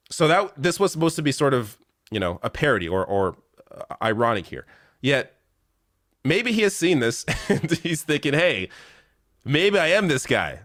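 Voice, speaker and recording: Male online commentator, average pitch, dry close sound, profane and exasperated delivery. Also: fairly bright tone, no echo. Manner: blunt and profane, often incredulous; rattles off lists with rising emphasis. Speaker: political commentator.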